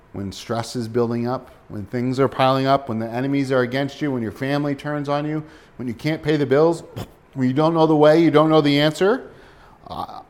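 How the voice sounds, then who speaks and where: A man's voice: mid-range voice, darkish tone. Man preaching a sermon with direct questions. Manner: direct, asks listeners rhetorical questions. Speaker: pastor.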